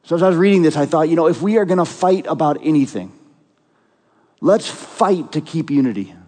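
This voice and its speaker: A man delivers a sermon as pastor, his voice sitting a little high for a man. He speaks earnestly and emphatically, pressing his points with rhetorical questions. His words ring out with a long reverb, as in a large hall. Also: lively intonation, a little fast, a little mellow.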